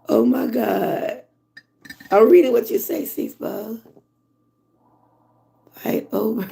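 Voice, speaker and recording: A hoarse woman from Georgia with a Southern accent, chatting casually with her livestream viewers and reading their comments. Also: mid-range voice, warm tone. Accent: Southern American. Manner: chatty, drawn-out, talks to viewers as y'all. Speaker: livestream host.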